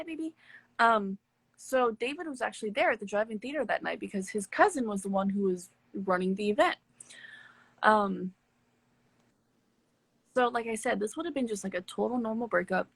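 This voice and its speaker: A woman hosting a live stream, telling a personal story in a candid, animated way with plenty of swearing. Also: mid-range voice, vocal fry, husky, no room sound. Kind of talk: casual storytelling chat. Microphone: phone on a live stream.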